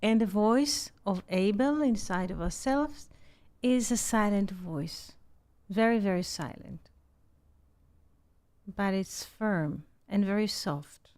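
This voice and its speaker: Woman teaching slowly on a video call, checks in with "yes?" a lot. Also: medium pitch, darkish tone. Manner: unhurried, often checks in with "yes?". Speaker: spiritual teacher hosting an online group call.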